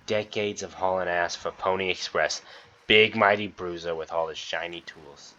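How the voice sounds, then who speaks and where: A man reading as a gruff, bitter old ship mechanic. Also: low-pitched, fairly even intonation, normal speed, pushed and bright. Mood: weary. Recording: dull lo-fi sound.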